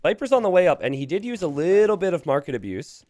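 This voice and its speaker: Animated man casting a strategy game. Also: high voice, dry recording. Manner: animated, joking, quick to laugh. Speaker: esports caster. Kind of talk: live game commentary with banter.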